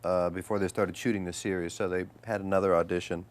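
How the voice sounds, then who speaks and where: A man's voice: low-pitched, fast. A man, an actor, telling anecdotes as a guest in an interview and slipping into voices. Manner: animated storyteller, slips into voices.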